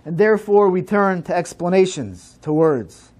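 At a synagogue program, a man with a high voice delivers a solemn, sermon-style talk. He speaks slowly and deliberately, keeping a steady cadence.

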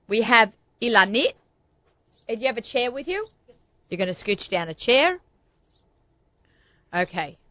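A woman's voice: fairly high pitch, no room sound, highs cut off. A woman hosting a studio talk show, chatty and bubbly, often talking over her guests. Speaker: host.

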